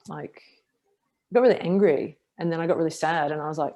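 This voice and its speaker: A woman's voice: sits low, fast talker. A middle-aged woman, a podcast guest telling a personal story frankly and with a self-deprecating edge. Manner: frank, self-deprecating, animated retelling with acted quotes. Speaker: podcast guest, martial artist. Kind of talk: candid interview storytelling.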